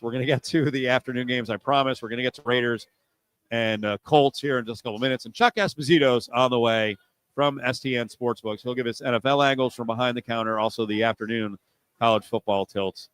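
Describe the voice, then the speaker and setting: Brash sports radio host, dry studio. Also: male voice, medium pitch, no room sound, low-quality recording. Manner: animated, sarcastic, mocking voices for effect. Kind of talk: sports talk radio banter. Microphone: studio mic.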